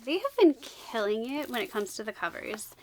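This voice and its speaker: A bright, high-voiced woman gushes over her books in a casual unboxing chat. Her pitch leaps all over the place as she jokes and reacts. There is a faint hiss under the recording. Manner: gushing, excitable, quick jokey asides. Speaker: book vlogger.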